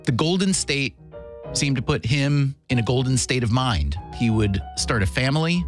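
A man narrating a documentary-style podcast in a measured, scripted way. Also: mid-range voice, lively intonation, over music. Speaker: podcast host.

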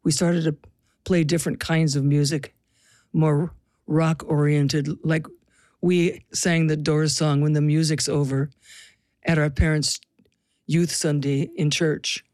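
A woman's voice: deep voice, level tone, slow, a little mellow, dry recording, studio quality. An older woman from the US Pacific Northwest, a musician guest telling stories in an interview with a wry, reflective manner. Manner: reflective, wry storytelling with laughs. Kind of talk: interview conversation.

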